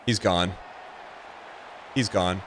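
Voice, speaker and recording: A man streaming a football video game, giving excitable running commentary and repeating phrases as he plays. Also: sits low, drawn-out words, a little hiss or hum. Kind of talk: live gameplay commentary.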